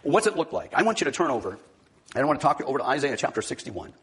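A man's voice: mid-range voice, big pitch swings, rapid-fire, fairly bright tone, breathy edge. A middle-aged man, a pastor, preaching a sermon in a church, moving from a conversational story into fervent exhortation.

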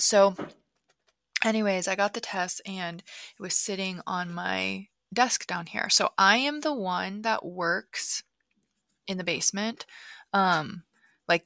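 A woman in her thirties hosting a podcast from her basement office, telling a personal story in a chatty way with many fillers and hushed asides. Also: medium pitch, no room sound, clean studio sound. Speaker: podcast host. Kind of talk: casual solo podcast storytelling.

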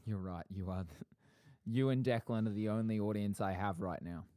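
A man's voice: lowish voice, moderate pace, dark tone, dry recording. A young man co-hosting a podcast, chatting playfully and laughing easily. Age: young adult. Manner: playful, laughing, good-humored. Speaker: podcast co-host. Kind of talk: casual chat.

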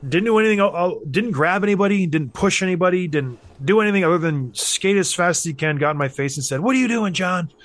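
A man with a slightly high voice tells a story in a relaxed podcast chat. He is animated and acts out the people he quotes, jumping up and down in pitch. He sounds like a man in his thirties. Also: quick pace, hardly any pauses, dry recording. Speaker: podcast host, former hockey player.

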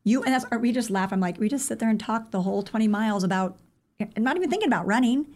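A woman guest on a podcast, a running coach telling stories in a casual, animated way, filled with "like" and "I mean.". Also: fairly high pitch. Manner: animated, acts out quoted dialogue; rapid, chatty with many fillers like "like" and "I mean". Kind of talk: casual interview storytelling.

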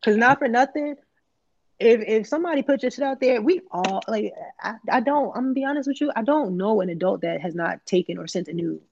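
A woman's voice: on the high side, animated, brisk, gravelly. Candid, profane woman on a muffled recording. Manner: candid, profane, rambling with many "like"s and slang. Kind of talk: casual chat.

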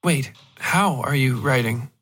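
A man voicing a young woman who is teasing and weary, in a dark audio story. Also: medium pitch, takes it slowly, husky.

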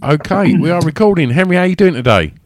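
A man's voice: on the high side, animated, fast talker, darkish tone, a little hiss or hum. A man with an Essex accent hosting a podcast, chatting casually and rambling with many fillers and restarts. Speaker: podcast host.

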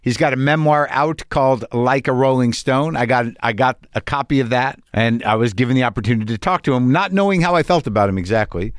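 A man's voice: medium pitch, quick pace, hardly any pauses, clear, resonant tone, no echo, studio quality. A man in his fifties, hosting a podcast, rambling through a casual, profane, self-deprecating monologue. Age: 50s. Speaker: podcast host.

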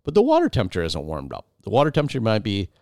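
Animated man telling a dramatic story. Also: lowish voice, rapid-fire, creaky, no room sound, clean studio sound. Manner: animated, dramatic retelling with restarts. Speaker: podcast host. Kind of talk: storytelling to his wife.

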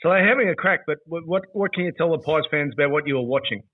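A man's voice: on the high side, quick pace. A man hosting a casual sports chat, prompting his guest with questions. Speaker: host. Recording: tinny phone-like audio.

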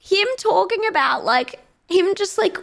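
A young woman co-hosting a casual chat, gushing and excitable, and laughing often as she talks. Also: very high-pitched, measured pace, gravelly. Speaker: podcast co-host. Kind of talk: casual chat recapping a reality show.

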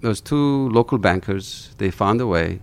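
Gravelly man telling stories. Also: fairly low pitch, normal speed. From Turkey. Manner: animated, repeats words when excited. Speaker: company founder guest. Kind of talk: storytelling in an interview.

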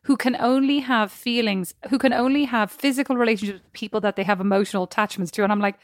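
Quick, frank woman chatting. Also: fairly high pitch, dry recording, clean studio sound. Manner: frank, opinionated, quick banter. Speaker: podcast co-host. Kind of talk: casual chat.

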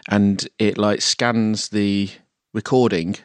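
A man co-hosting a podcast in casual chat, low-key and brief in his replies. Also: fairly even intonation, slow, no echo. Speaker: podcast co-host.

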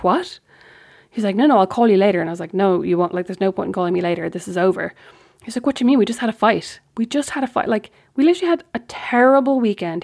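An Irish woman tells a personal story on her podcast, chatty and candid. Her voice has a gravelly fry at the ends of phrases. She acts out the lines of the people in the story. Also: mid-range voice, a little mellow. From Ireland. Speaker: podcast host. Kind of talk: casual storytelling monologue.

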